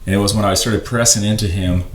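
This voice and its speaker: A man's voice: lowish voice, fairly even intonation, fast. A man earnestly telling a personal story on a podcast, rambling and full of "like". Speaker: ministry worker on a podcast. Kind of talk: casual storytelling. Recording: roomy echo, faint noise.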